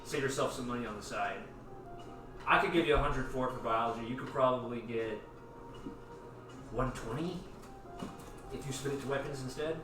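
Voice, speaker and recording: Guy running a tabletop game, brisk prices, sounds far from the mic, loud music behind. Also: medium pitch, reverberant. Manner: matter-of-fact, quotes prices briskly. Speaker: game master.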